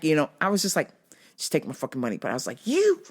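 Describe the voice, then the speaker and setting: A woman hosting a podcast, telling stories in a casual, profane way and acting out what people said. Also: fast talker. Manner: profane, animated, acts out quotes in a higher voice. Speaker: podcast host. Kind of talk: casual storytelling monologue.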